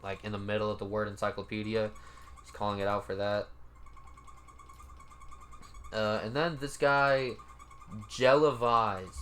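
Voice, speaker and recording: A man's voice: fairly low pitch, steady tone, measured pace, pauses often, fairly bright tone, slight background noise. A man giving casual, laid-back commentary as he reads out comments, cursing now and then and sounding mildly incredulous. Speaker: commentary YouTuber.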